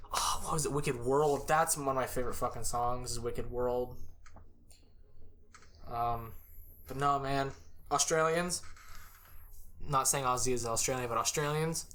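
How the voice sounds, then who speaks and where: A young man, clearly drunk, rambling with plenty of filler words and laughter as a podcast co-host. His voice has an average pitch, over a faint background hiss and some clicks. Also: fairly bright tone. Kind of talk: casual drunk chat.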